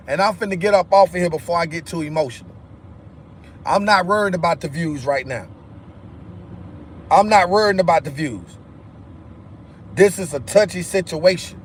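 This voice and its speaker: A man's voice: sits high, normal speed, pauses often. A man ranting heatedly on a livestream, repeating himself with profanity. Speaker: livestream host. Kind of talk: angry livestream rant.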